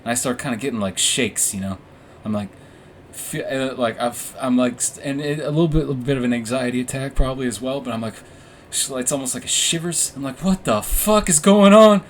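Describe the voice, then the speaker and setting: A man's voice: medium pitch, steady tone, a little fast, a little hiss or hum. Profane, rambling male storyteller. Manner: rambling and profane, with frequent laughs. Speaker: podcast host. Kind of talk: casual storytelling.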